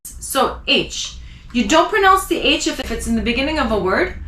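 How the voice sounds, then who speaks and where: Bright-voiced woman teaching French letters. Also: high voice, big pitch swings, echoey room. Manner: slow, careful, spells out letters and repeats example words. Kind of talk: spelling and pronunciation lesson.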